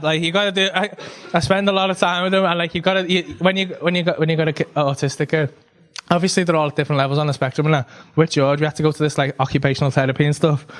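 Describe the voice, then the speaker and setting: A man doing a stand-up comedy set, telling a rambling, sweary story full of fillers. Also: on the high side. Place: comedy club stage. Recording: noisy live club recording. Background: audience laughter.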